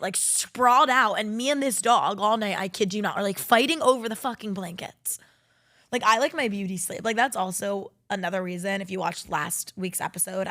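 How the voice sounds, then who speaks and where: A young woman hosting her own podcast, talking casually and at length about her week. She rambles, swears freely and tells stories with animated energy. Her voice sits in an ordinary middle pitch. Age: young adult. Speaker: podcast host. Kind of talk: casual chat.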